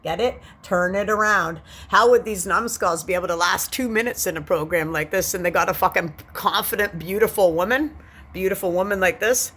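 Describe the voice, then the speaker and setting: Sitting indoors on a bed with a phone in hand, a woman in her 40s rants in an agitated vlog, cursing a lot and saying the same things again. She talks briskly in a mid-range, slightly bright voice.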